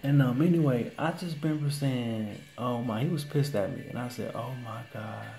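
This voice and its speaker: A man telling a story to the camera in a casual, excitable way, repeating his exclamations. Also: mid-range voice, moderate pace, gravelly, a little hiss or hum.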